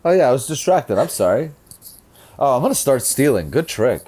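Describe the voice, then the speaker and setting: Man, mid pitch, lively intonation, podcast co-host, teasing deadpan jabs. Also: brisk, husky. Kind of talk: casual comedic chat.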